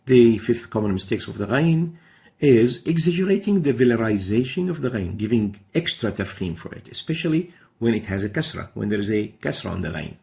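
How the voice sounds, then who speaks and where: A man's voice: mid-range voice, big pitch swings, brisk, vocal fry, dark tone. A man teaching a recorded recitation lesson, explaining each pronunciation mistake step by step and then sounding out the Arabic letters himself.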